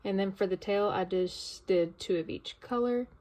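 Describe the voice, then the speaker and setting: A young woman chatting casually in a home vlog, excitable and gushing as she talks. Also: mid-range voice, normal speed. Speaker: crochet vlogger.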